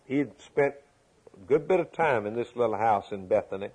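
Male preacher, slightly husky, emphatic repetitive sermon delivery. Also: mid-range voice, expressive, moderate pace, a little mellow, rough recording.

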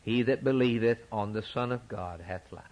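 A man preaching a sermon, repeating phrases for emphasis and swinging from loud declarations to near-whispers. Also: fairly low pitch, normal speed, lo-fi sound. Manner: dramatic swings from loud to hushed, repetitive emphasis.

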